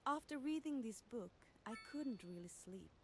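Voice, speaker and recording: A woman's voice: on the high side, expressive, normal speed, slight background noise. A woman playing a reflective, chatty radio DJ in a game, talking between songs with a self-mocking laugh. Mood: musing. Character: mellow, thoughtful female late-night radio DJ. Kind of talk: scripted radio host monologue.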